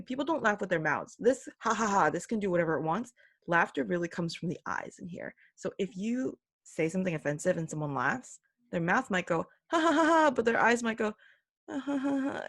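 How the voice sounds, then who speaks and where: A young adult woman hosting a solo podcast, talking earnestly and emphatically, now and then mimicking other people in quick put-on voices. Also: medium pitch, vocal fry, no room sound, studio quality. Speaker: podcast host. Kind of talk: opinionated solo commentary.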